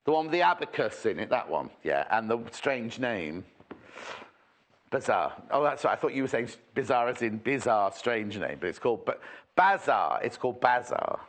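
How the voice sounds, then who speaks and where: A man's voice: medium pitch, big pitch swings, normal speed, a bit bright. A man presenting a TV shopping show in a chatty, rambling, jokey way, full of asides. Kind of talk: chatty live sales presentation.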